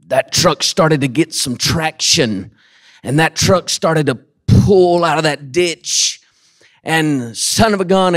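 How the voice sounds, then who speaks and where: A man preaching a sermon in church, telling a folksy story and building to shouted emphasis. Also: fairly high pitch, no room sound, clean studio sound. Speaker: pastor.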